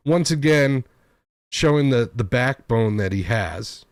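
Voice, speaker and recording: An animated man telling a story, his pitch swinging high and low as he rants. He swears freely, sounds wronged, and slips into other people's voices. The sound is dry and close. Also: a little slow, no room sound. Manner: swears often and sounds aggrieved. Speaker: host. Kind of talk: storytelling rant.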